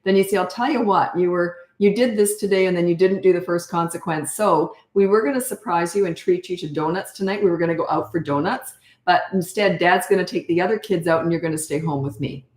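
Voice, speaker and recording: An older woman coaching parents in a blunt, animated way, answering questions and acting out how to talk. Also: on the low side, brisk, roomy sound. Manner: blunt, animated, acts out parent and child voices.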